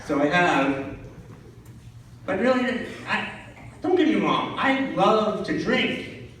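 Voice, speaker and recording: High-voiced ranting man in an echoey club. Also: very animated, slow pace, a bit bright. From Vermont. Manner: sarcastic, ranting, jumps up high for mocking voices. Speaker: stand-up comedian. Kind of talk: stand-up comedy set. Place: small comedy club stage. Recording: echoey club filmed from a distance.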